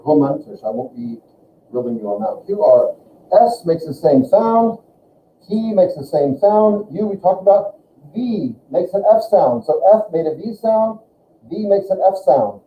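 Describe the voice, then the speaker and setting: A man's voice: high voice, big pitch swings, unhurried, a little hiss or hum. A man teaching a German class, chatty and searching for words as he demonstrates pronunciation. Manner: chatty, searching for words, repeats sounds for students. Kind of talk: classroom lesson. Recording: echoey classroom, tinny and lo-fi.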